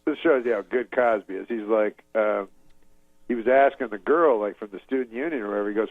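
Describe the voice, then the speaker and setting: A man from Canada, telling a meandering anecdote as a comedian guest in a deadpan way, chuckling at his own story. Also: mid-range voice, brisk, no echo. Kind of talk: rambling anecdote in an interview. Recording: slightly muffled lo-fi audio, dry.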